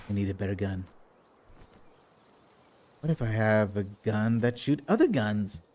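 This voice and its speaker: A man's voice: on the low side, expressive, unhurried, long pauses, darkish tone, soft background music. A man giving casual commentary on a playthrough of a video game, rambling and often restarting his sentences. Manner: rambling, with frequent restarts and repeated words. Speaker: gaming video host.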